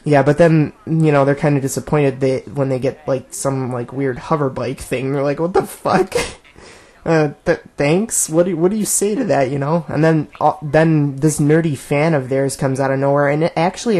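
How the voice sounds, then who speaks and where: A man's voice: fairly high pitch, fairly even intonation, normal speed, a little mellow. Laid-back rambling male commentator. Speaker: director of a web series. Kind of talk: casual director's commentary.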